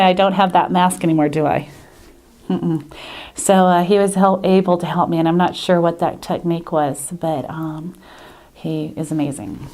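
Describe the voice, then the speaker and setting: A woman speaking as a patient in an unscripted testimonial, hesitant and earnest, pausing often with fillers and restarting her sentences. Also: lowish voice, darkish tone. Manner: earnest and grateful.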